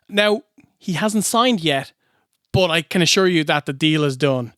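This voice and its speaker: A man co-hosting a comedic wrestling review, telling the story with animated, mocking energy. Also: fairly high pitch, a little slow, dry recording, studio quality. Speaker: podcast co-host.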